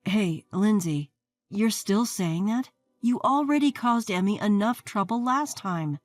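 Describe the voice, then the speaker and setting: Brief: a woman reading a man keeping the peace, firm and steady, in a storybook telling. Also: medium pitch, unhurried, close to an everyday voice. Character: calm older brother mediating. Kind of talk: scripted story narration.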